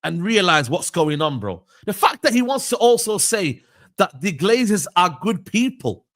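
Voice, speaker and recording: A man's voice: high-pitched, sing-song, normal speed, fairly bright tone. A man ranting in a heated reaction stream, full of slang and repeated outbursts. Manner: ranting, slangy, repeats "bro" and "are you mad".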